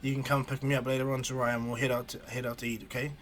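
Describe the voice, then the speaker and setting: A man's voice: mid-range voice, flat delivery, rapid-fire, a bit bright, natural voice. A man voicing a stern, blunt adult female ninja with a curt, dismissive delivery.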